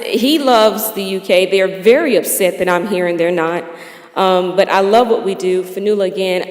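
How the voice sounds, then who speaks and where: An American woman, founder of a charity, giving a heartfelt awards speech and laughing between phrases. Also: medium pitch. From United States. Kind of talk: emotional ceremony speech. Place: large hall. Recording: echoey hall with long reverb.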